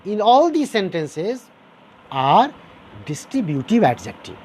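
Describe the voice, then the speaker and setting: Male teacher, grammar lesson, slow deliberate delivery, lively rising and falling pitch, repeats examples. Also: husky. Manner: repeats example sentences, explains step by step; addresses listeners as dear students.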